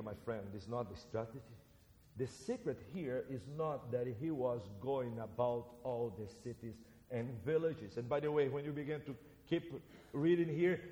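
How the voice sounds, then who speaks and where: Brazilian-accented preacher in an echoing hall. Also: male voice, fairly high pitch. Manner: animated, swings between loud and soft. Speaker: preacher and seminary teacher. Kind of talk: sermon. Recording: reverberant hall.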